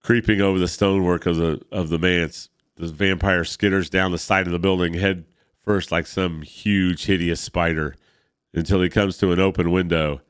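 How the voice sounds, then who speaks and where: A man hosting a podcast reads a comic aloud with dramatic narration and eager asides. His voice is very low and smooth, recorded close and dry with no room around it. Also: steady tone, normal speed, dry recording. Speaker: podcast host. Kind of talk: reading a comic aloud with commentary.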